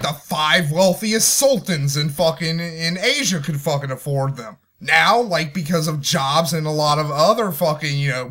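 Young man, angry profane movie rant, bright edgy voice, mutters then yells. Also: fairly high pitch. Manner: angry, swears constantly, swings from muttering to shouting. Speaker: movie reviewer. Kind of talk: profane ranting movie review.

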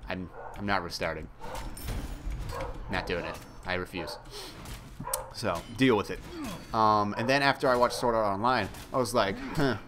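A man's voice: fairly low pitch, background noise. A young man chatting casually while playing a game, rambling and mocking himself, with some swearing. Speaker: gaming YouTuber.

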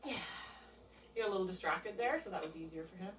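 At a quick pace and in a fairly low voice, a female dog trainer explains a hands-on session at home step by step in a casual way. The recording feels roomy and far off, with faint ambience and slight background noise.

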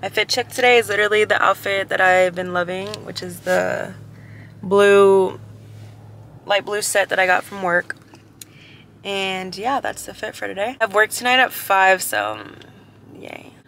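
A woman's voice: mid-range voice, unhurried, a bit bright, slight background noise. A young woman vlogging casually to the camera, chatty and slangy, talking into a phone held at arm's length. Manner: chatty, slangy, says "bro" and "like". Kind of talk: casual vlog talk to camera. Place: out and about, stores and apartment.

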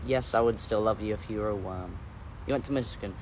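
A man's voice: lowish voice, fast, a little hiss or hum. A man hosting a casual livestream, reading out viewer comments and answering in a rambling, playful, self-correcting way.

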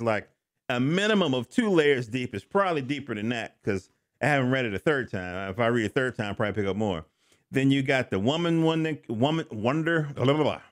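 Middle-aged male reviewer, casual rambling delivery, mid pitch, dry close sound. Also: clear, resonant tone, no echo. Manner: rambling, self-correcting, joking asides. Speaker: comic book reviewer. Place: home studio.

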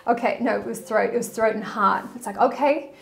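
Effusive woman spiritual coach, higher voice, casual vlog delivery. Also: a little fast, creaky. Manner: animated and effusive, breaks into song.

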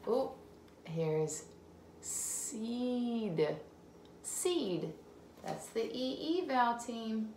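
A woman teacher leading a phonics game for young children, sounding out words slowly, repeating them and praising the child between turns. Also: on the high side, big pitch swings, darkish tone, reverberant, slight background noise. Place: home room.

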